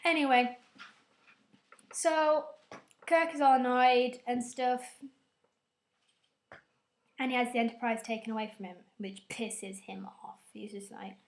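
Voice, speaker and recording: A young woman talks through a film plot at home, loose and conversational. Her voice sits a little on the high side, and she keeps tossing in self-mocking, sarcastic asides. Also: steady tone, a little slow, pauses often. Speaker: video reviewer. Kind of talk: casual rambling film recap.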